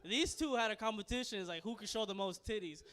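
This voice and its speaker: A man's voice: high voice, fast talker, fairly bright tone, slight background noise. A young man doing a stand-up comedy set, loose and crude, rambling and laughing at his own jokes. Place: comedy club stage.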